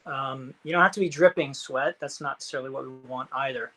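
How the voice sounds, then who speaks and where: A man teaching an online yoga class, calmly cueing each breath and pose, with some fillers. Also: mid-range voice, quick pace. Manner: calm breath-cued instructions, some fillers.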